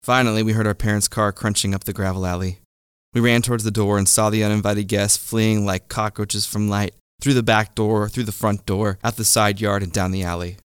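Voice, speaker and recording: A man telling a true childhood story in a deadpan, wry manner. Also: fairly low pitch, a little fast, clear, resonant tone, no echo. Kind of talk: first-person comic storytelling. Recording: close dry mic with faint music.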